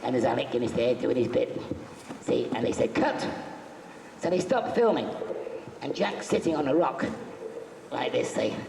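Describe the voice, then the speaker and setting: A man with a medium-pitched, gravelly, slightly mellow voice speaks expressively at a moderate pace. As a convention panel guest, he tells jokey, chatty stories to a live audience, acting out the quotes. The convention hall is echoey, with faint background noise.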